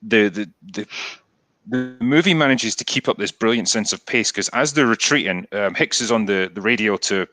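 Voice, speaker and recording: Bright-voiced man recapping a film. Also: on the low side, normal speed, dry recording, soft background music. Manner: relaxed recapping with many ums and restarts. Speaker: podcast host. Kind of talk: casual film discussion.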